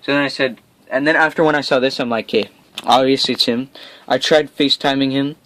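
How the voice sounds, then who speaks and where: A young man tells a story from a camper at night, rambling and nervous, tripping over his words with many fillers. His voice stays flat, with little rise or fall. A faint noise sits under the recording. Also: mid-range voice, quick pace, low-quality recording. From Quebec, Canada. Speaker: vlogger. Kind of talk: casual vlog storytelling. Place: outdoors.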